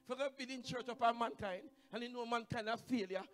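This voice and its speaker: A Jamaican man preaching in church with a very high, ringing voice. He drops into low, quiet asides, then builds to shouted, half-sung peaks and calls on the congregation to answer. Soft instrumental music plays faintly behind him. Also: brisk. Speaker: guest evangelist preacher. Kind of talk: Pentecostal sermon. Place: church sanctuary.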